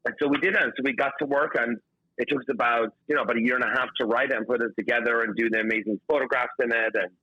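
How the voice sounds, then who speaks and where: A man's voice: mid-range voice, fairly even intonation, very fast, breathy edge, no room sound, dull audio. A man, a chef being interviewed, chatting upbeat with lots of "like" and "you know". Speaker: chef and guest. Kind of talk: phone-in interview.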